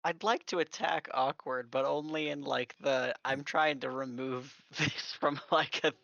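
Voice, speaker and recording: A man playing in a tabletop game, halting and laughing. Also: a little high, fairly even intonation, gravelly, sharp tone, dry recording, highs cut off. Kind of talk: casual game chat.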